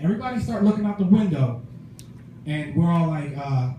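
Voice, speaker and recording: A man doing a stand-up comedy set at an open mic, telling animated stories and acting out his friends' voices. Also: a little high, brisk. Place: small comedy club stage. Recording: echoey room, far mic, noisy.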